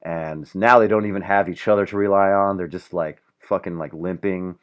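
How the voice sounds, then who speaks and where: A man's voice: sits low, steady tone, moderate pace, lo-fi sound. A man hosting his own podcast, talking alone in a loose, profane, rambling way with many fillers. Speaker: podcast host. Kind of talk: casual solo podcast monologue.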